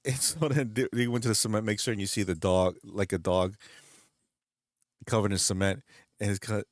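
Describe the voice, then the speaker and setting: A man's voice: on the low side, steady tone, normal speed, pauses often, no echo, clean studio sound. A man hosting his channel in casual chat, rambling, laughing often and restarting sentences. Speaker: channel host.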